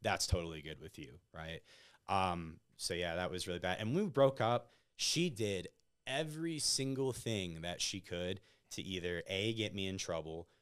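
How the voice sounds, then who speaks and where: A low-pitched man recounts personal stories as a podcast guest in a loose, chatty way. His voice is smooth and resonant, and he keeps checking in with "right?" as he talks. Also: very animated, measured pace, fairly bright tone. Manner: conversational, peppers stories with "like" and "right?". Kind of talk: casual interview storytelling.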